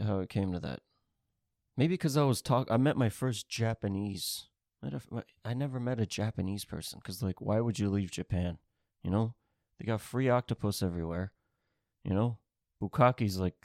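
A man's voice: on the low side, creaky, a little mellow, no room sound, studio quality. Rambling, foul-mouthed male podcast ranter. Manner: rambling, swearing, restless, jumps between topics. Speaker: podcast host. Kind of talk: profane comedic rant.

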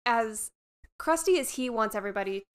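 A woman's voice: a little high, animated, brisk, clean tone. A woman co-hosting a podcast in casual chat, asking questions and cracking dry jokes. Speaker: podcast co-host.

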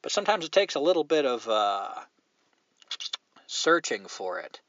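A man's voice: medium pitch, very animated, moderate pace, fairly bright tone, no echo. A man hosting a podcast alone, talking in a blunt, profane, opinionated way in casual conversation. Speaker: podcast host. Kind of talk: casual solo podcast rant. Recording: dull lo-fi dry sound.

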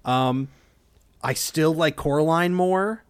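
A man's voice: on the high side, slow pace, clear, resonant tone. A man in a casual podcast chat, jokey and sarcastic, trading playful remarks. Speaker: podcast co-host.

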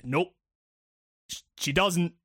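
A man talks through a game's story in loose, rambling chat, peppered with swearing and restarts. His voice sits high for a man. The recording is close and dry, with no room sound. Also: takes it slowly, fairly bright tone, dry recording. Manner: rambling, profane, with many fillers and restarts. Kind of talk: casual chat recapping a video game.

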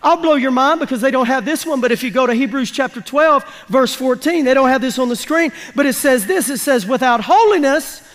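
Very high-voiced man preaching in a hall. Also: brisk, few pauses, fairly bright tone. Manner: emphatic, folksy, calls for congregation responses. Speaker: pastor. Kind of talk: sermon. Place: church sanctuary. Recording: long reverb of a large church hall.

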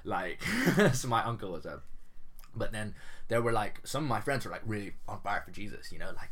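A man's voice: fairly low pitch, big pitch swings, normal speed, a bit bright, slightly rough. A young man telling his story as an interview guest, chatting casually, laughing often and saying "like" a lot. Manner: chatty, says "like" a lot, laughs while talking.

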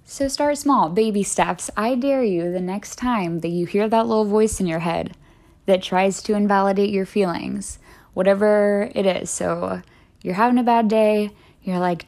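Woman, podcast host, earnest, encouraging, chatty, mid pitch. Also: unhurried, a little mellow. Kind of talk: solo wellness podcast talk.

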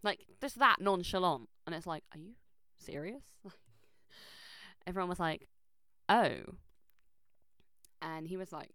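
Chatty young woman, low voice. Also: measured pace, pauses often, smooth, no room sound. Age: young adult. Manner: chatty and animated, lots of "like" and restarts. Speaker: vlogger. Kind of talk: casual storytelling. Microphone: close microphone.

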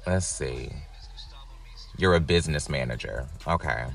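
A man giving casual reaction commentary, wry and animated, swearing freely. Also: a bass voice, a little slow, gravelly, soft background music. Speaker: reaction vlogger.

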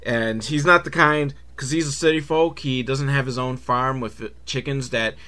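A man's voice: mid-range voice, steady tone, normal speed, sharp tone. A man hosting a podcast, recapping a film in a casual, comedic way. He rambles, gets sidetracked, corrects himself and swears freely. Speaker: podcast host reviewing films.

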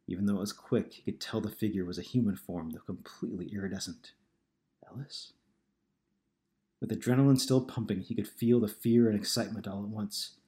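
A man reading a novel aloud in a steady, measured narration. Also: fairly low pitch. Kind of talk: scripted audiobook narration.

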